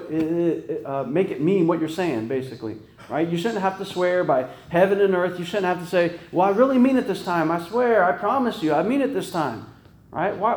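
A man's voice: on the high side, darkish tone. A man preaching an informal sermon, talking conversationally with many restarts and frequent "right?" checks. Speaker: pastor. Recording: echoey room.

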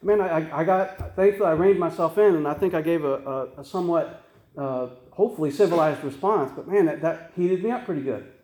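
A man's voice: fairly high pitch, fairly quick, darkish tone, roomy sound. A man preaching a sermon as pastor, earnest and conversational, with frequent restarts and tag questions.

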